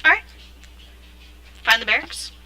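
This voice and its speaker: A woman with a very bright, slightly high voice narrates a tabletop game as game master. She talks in a relaxed way, full of ums and small hesitations. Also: unhurried, rough recording. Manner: relaxed, hesitant with fillers and frequent laughs.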